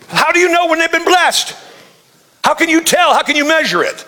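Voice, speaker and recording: A man's voice: very high-pitched, sing-song, a little fast, sharp tone. A man preaching a sermon, playful and joking, acting out prayers in the voice of the people praying them. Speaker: pastor.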